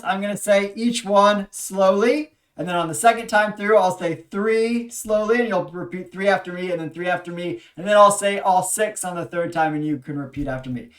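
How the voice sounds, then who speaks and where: Recorded far from the mic, a language teacher with a mid-range, slightly bright voice lectures patiently, running repeat-after-me drills with frequent pauses and filler words.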